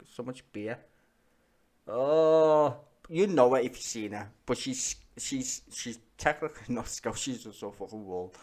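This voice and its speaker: A man's voice: lowish voice, vocal fry. A man, ranting and swearing bluntly while streaming live commentary.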